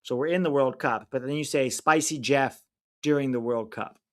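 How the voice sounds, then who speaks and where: A man hosting a live stream, talking in an easygoing, rambling way as he reads viewer comments. His voice sits at an ordinary middle pitch. He gives relaxed opinions and trails off when he is hunting for a name. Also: normal speed. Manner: rambling, chatty, loses track of names mid-sentence. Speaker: livestream watch-along host. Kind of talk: casual livestream chat, reading viewer comments.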